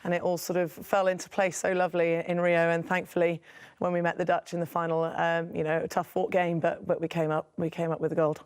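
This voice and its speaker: A sportswoman guest answers earnestly in a live TV studio interview, talking quickly. Her pitch stays fairly level, with a few halting restarts. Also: little pitch movement, darkish tone, clear, resonant tone. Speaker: Olympic hockey player, guest. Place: TV news studio.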